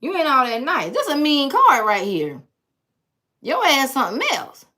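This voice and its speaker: A woman's voice: sits high, very animated, moderate pace, bright, forceful tone. Sassy, blunt woman reading tarot. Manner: blunt, sassy, profane, teasing asides. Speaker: tarot reader. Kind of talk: casual tarot reading to viewers.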